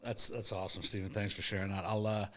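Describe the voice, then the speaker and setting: A man, a podcast host, telling an animated, jokey family anecdote in a casual chat. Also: on the low side, fast talker.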